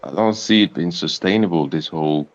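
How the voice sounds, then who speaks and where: A man with an extremely deep voice, heard through dull, lo-fi audio. He muses slowly and haltingly, restarting phrases and trailing off as he works out his thoughts in a casual chat. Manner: halting and reflective, trailing off and repeating himself. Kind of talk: casual late-night chat.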